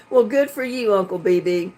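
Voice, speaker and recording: Her voice sits in the mid range, animated and warm, at a moderate pace. She's a livestream host from North Carolina with a Southern drawl, laughing often while casually reading viewer comments from home into her computer's webcam mic.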